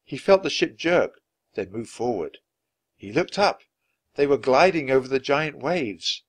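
A man reading a children's adventure book aloud, expressive and dramatic. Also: medium pitch, unhurried, breathy edge. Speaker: storyteller.

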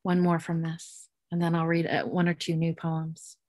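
An American woman poet reading her poems aloud in a measured, deliberate way. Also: low-pitched, monotone, a little mellow, no room sound. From United States. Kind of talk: poetry reading.

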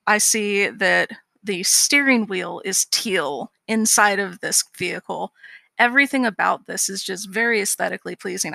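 Dry sarcastic woman with a gravelly voice. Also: mid-range voice, bright, forceful tone, no echo. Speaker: podcast co-host. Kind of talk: casual chat.

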